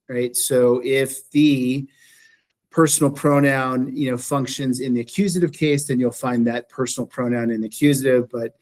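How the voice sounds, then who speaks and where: Guy teaching intro greek in a classroom, mid pitch, keeps saying right? and repeating himself. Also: darkish tone. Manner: explanatory, repeats phrases, checks in with "right?". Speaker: Greek instructor. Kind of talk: classroom lecture.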